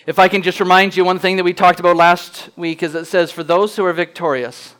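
High-voiced clear male preacher. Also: steady tone, fairly bright tone, low-quality recording. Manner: reads scripture slowly and deliberately, rising for emphasis; earnest, plainspoken preaching with fillers and restarts. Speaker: pastor. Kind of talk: sermon.

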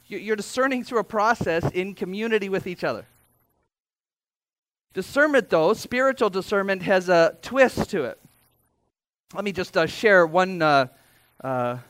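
Pastor guy preaching, kinda high voice, chatty with little asides, dry close sound. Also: moderate pace, pauses often, fairly bright tone, dry recording. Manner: conversational, with asides and self-corrections. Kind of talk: sermon.

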